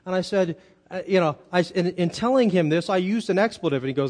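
Male pastor, high-pitched voice, storytelling sermon with emphatic climaxes. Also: fast talker. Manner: storytelling, builds to loud emphatic peaks.

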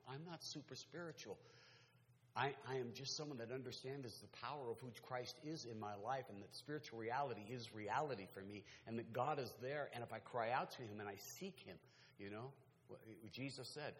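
A male pastor preaching a sermon, swinging from quiet, intimate talk to loud, fervent exhortation. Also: medium pitch, a little fast, big-room sound.

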